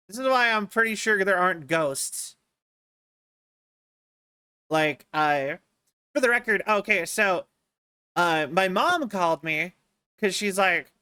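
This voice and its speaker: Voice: mid-range voice, expressive, a little slow, long pauses, pushed and bright, clear, resonant tone. A live streamer in casual chat, talking straight to the viewers in a chatty, storytelling way.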